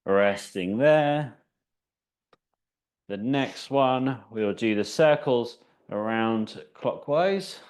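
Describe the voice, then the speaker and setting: A man's voice: medium pitch, takes it slowly, hardly any pauses. A man leading a seated exercise class as the instructor, chatty and encouraging, counting down each round. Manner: chatty, encouraging, counts down out loud, laughs at himself. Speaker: fitness instructor.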